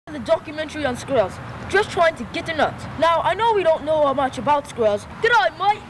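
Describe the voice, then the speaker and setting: A young man plays a cheesy homemade nature-show host with a put-on Australian accent and a high, bright voice. The greetings are drawn out and overdone, like a kid imitating a TV wildlife presenter. It sounds like old home video shot outside, with road traffic and wind clearly behind him. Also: very animated, exaggerated voice, low-quality recording. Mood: hammy. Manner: hammy, exaggerated greetings and drawn-out asides. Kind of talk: homemade documentary narration. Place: outdoors near a road, cold.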